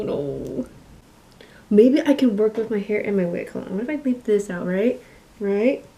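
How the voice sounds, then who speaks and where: A woman's voice: fairly high pitch, a little mellow. A young woman doing a casual makeup vlog in her bedroom, playful and self-mocking, swearing freely. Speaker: makeup vlogger. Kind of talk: casual vlog chat and voiceover. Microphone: camera mic in her room.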